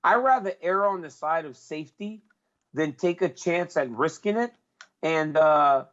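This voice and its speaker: A man's voice: fairly high pitch, animated, unhurried, a bit bright, dull audio. A man talking as a guest in casual chat, earnest and repeating himself as he searches for words.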